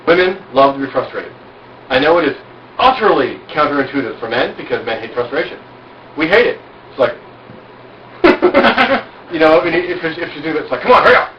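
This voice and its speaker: With a voice on the high side and big pitch swings, a man speaks at normal speed but pauses often while casually instructing a small group at an outdoor cookout; he's frank, self-assured and boastful, full of rhetorical questions. The amateur recording is roomy, distant and dull, with a little background noise.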